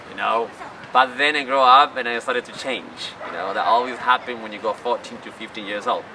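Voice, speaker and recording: A man's voice: medium pitch, very animated, fast talker, vocal fry. Chatty man telling stories outdoors. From Chile. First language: Spanish. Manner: chatty, rambling, non-native phrasing. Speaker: job applicant, tourist guide. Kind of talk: casual storytelling to camera. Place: outdoors in a city. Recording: distant mic, loud street noise.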